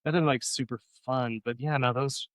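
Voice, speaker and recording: In casual podcast conversation, a male co-host rambles loosely through long, profane stories. His medium-pitched voice is steady and fairly bright at normal speed, and there's no echo.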